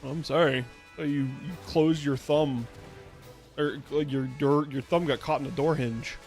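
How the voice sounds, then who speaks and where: A man's voice: on the high side, steady tone, normal speed, a little mellow, soft background music. A man giving casual gameplay commentary on his stream, rambling and playful, often restarting his sentences. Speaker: VTuber streamer.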